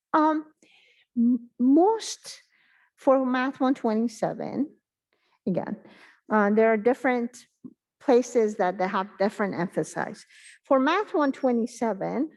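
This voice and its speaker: A woman with a slightly high voice leads a math review session for her class online. She speaks slowly and haltingly, stopping often with fillers as she works through each point aloud. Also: darkish tone, rough recording. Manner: halting, thinking aloud with many pauses and fillers. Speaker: math instructor. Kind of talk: exam review lecture.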